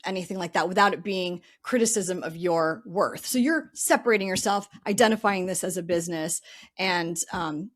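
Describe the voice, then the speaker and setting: A middle-aged woman talking through her ideas in a relaxed podcast interview. She is chatty, loose and reflective, and she thinks aloud with frequent "um" and "you know.". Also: fairly low pitch. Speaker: podcast guest, real estate investor. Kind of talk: casual interview talk.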